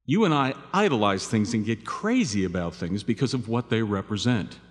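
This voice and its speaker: A pastor delivers a sermon at normal speed, his pitch swinging up and down lively. He speaks conversationally and keeps asking the congregation questions, his voice echoing with long reverb from the hall.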